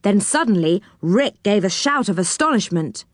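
A woman reading a children's storybook aloud, expressive and clear. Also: mid-range voice, measured pace, no room sound, clean studio sound.

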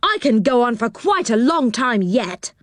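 Woman doing a greedy, sulky young boy for a storybook, high-pitched. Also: sing-song, unhurried, no echo. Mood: sulky pleading. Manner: pleading, sulky.

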